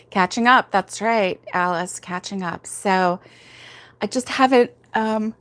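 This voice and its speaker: A woman hosting a casual crochet livestream, rambling and laughing as she answers viewers' comments, sleepy and yawning, talking from home. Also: mid-range voice. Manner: chatty and rambling, many fillers, laughs often.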